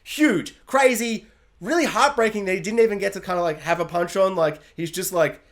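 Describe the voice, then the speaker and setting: Brief: male TV reviewer, higher voice, chatty and excitable, casual rambling delivery. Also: fairly quick. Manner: chatty and excitable, heavy use of "like". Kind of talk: casual spoken TV episode review.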